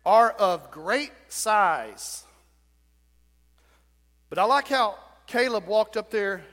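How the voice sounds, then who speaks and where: Male pastor with a high voice, preaching emphatically in a church with long reverb. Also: a bit bright. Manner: emphatic preaching with repetition, acted-out quotes. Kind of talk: sermon. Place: church sanctuary.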